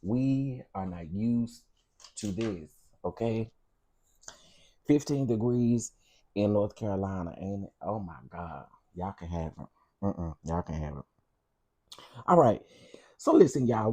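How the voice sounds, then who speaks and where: A man talks to his livestream viewers in a low, mellow voice with a husky edge. He chats loosely, calls out viewers by name and repeats his phrases again and again. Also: lively intonation, measured pace, pauses often. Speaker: livestream host. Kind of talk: casual livestream chat.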